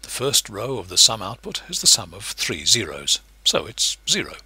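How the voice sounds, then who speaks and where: A man explains a lesson in a patient, teacherly way. His voice is low-pitched yet very bright and husky. The recording is close and dry. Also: big pitch swings, normal speed, no room sound. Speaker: lecturer. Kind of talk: recorded lecture narration.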